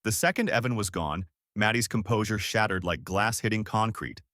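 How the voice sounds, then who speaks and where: Man reading a story out loud, low-ish voice, steady, dry close sound. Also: moderate pace, dry recording. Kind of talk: first-person story narration.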